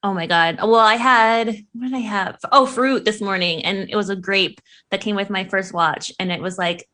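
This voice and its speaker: A young woman chats on a podcast in an easygoing, playful way. She laughs often and swears without a second thought. Her voice sits at an ordinary middle pitch. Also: normal speed, sharp tone. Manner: giggly, swears freely, playful. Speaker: podcast co-host. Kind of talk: casual podcast chat.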